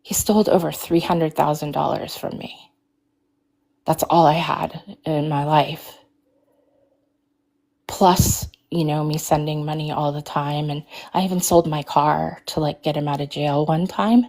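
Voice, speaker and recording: A woman telling her own story over a video call, halting and hesitant, close to tears and struggling to keep her voice steady. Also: deep voice, vocal fry. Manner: halting, hesitant, many restarts and fillers. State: tearful, fighting emotion. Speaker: caller sharing her story. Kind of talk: emotional personal account on a livestream.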